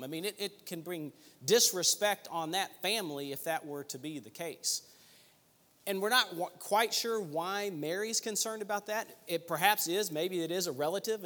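A man's voice: fairly high pitch, fairly bright tone, long reverb tail. A man leading a Bible study group, teaching conversationally and thinking aloud with small restarts.

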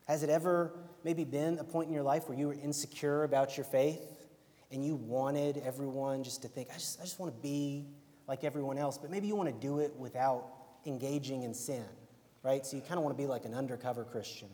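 Here the preacher's medium-pitched voice stays steady and warm while he talks at a brisk clip. His casual Alabama-accented sermon is peppered with "right?", all echoing in a long hall reverb.

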